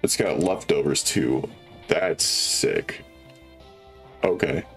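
A man's voice: rumbling low, slow, soft background music. A young man hosting a video game let's play, chatting casually and upbeat with viewers, full of fillers. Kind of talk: casual gameplay commentary.

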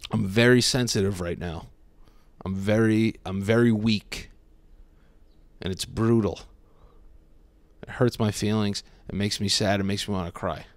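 A young man with a fairly low voice riffs through a comic monologue. He sounds mock-wounded and self-deprecating and swears a lot. The sound is dry and close, with no room echo. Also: fairly even intonation, unhurried, long pauses. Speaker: podcast host. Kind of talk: comedic podcast monologue.

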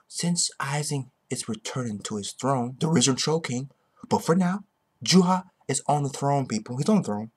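A man with a husky, breathy voice rants through a comic-chapter reaction, cursing nonstop and doubling back on his words. He swings from loud outbursts to low mutters. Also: normal speed. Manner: excitable, heavily profane, repetitive. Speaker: manga chapter reviewer. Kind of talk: ranting reaction commentary.

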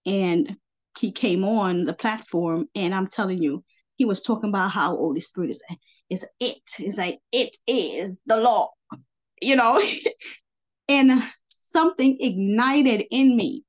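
A woman's voice: mid-range voice, a little slow. A woman preacher delivering an informal livestream sermon, emphatic and fiery, repeating key lines and checking in with her listeners for agreement. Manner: fiery and indignant, with bursts of laughter.

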